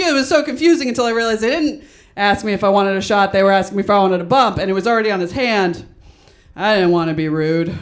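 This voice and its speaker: A woman's voice: medium pitch, expressive, fast talker. A young woman from New doing a stand-up comedy set, chatty and self-deprecating, laughing at her own jokes. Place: small studio stage with audience.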